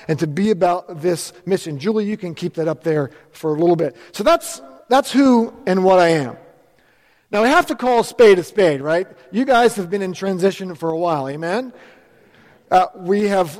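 Joking and chatting with his congregation, a middle-aged man serving as transitional pastor delivers an upbeat sermon. His voice is high-pitched and a little mellow, echoing with the long reverb of the church sanctuary.

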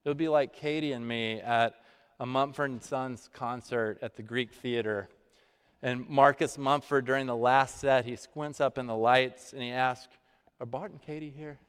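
A man's voice: mid-range voice, steady tone, smooth. Man preaching in a reverberant hall. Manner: conversational preaching with dramatic pauses. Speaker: pastor. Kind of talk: sermon.

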